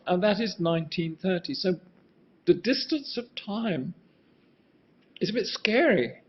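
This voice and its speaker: A man's voice: high-pitched, animated, measured pace. An older man giving a rambling, musing lecture on architecture, often restarting his sentences and asking for the next slide. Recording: muffled lo-fi sound.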